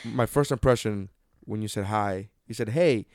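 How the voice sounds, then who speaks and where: A man's voice: lowish voice, normal speed, darkish tone, dry recording. Rambling, profane young man, dry sound. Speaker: podcast co-host. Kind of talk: casual chat. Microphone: studio microphone.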